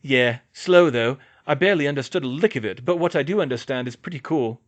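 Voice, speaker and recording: A man reading fan fiction aloud, voicing a gruff teenage wizard captain who growls his lines. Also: medium pitch, lively intonation, fairly quick, highs cut off, natural voice. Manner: growling, offhand.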